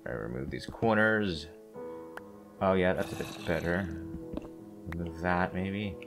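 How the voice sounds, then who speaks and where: A man's voice: low-pitched, expressive, a little slow, over music. A man giving casual, meandering let's-play commentary, self-deprecating and full of hesitant restarts. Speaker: gameplay commentator.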